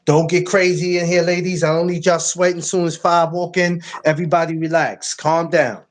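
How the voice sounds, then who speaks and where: High-voiced joking man hosting a podcast. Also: little pitch movement, moderate pace. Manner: loud, joking, repeats himself. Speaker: podcast host. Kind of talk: casual podcast banter.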